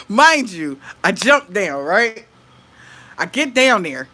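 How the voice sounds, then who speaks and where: A woman's voice: medium pitch, big pitch swings, slow pace, bright, forceful tone. A woman, telling a dream story to her viewers in casual vlog talk, laughing, swearing and acting out what people said. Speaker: vlogger.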